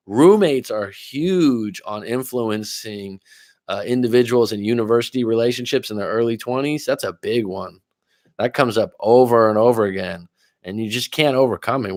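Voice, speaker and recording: A man's voice: medium pitch, moderate pace, no room sound, studio quality. A man coaching on relationships during a livestream, chatting casually, reading viewer comments and telling personal stories with frequent laughs.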